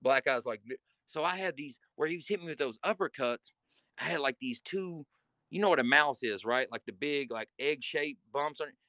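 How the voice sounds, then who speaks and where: A man's voice: on the high side, normal speed, sharp tone, no room sound. A man telling a guest story in casual, vivid, profane talk and acting scenes out.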